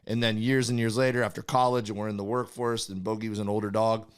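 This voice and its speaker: A man's voice: on the low side, flat delivery, fast talker, clear, resonant tone. A man co-hosting a comedy podcast, telling a long story in a rambling way, often restarting and searching for words. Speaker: podcast co-host. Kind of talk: casual storytelling chat.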